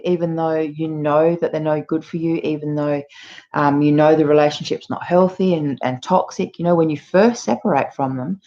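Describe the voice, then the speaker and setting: A woman's voice: sits low, darkish tone. A woman hosting her channel, earnestly explaining with frequent fillers. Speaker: channel host. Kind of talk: talking to camera about abuse. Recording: muffled lo-fi audio.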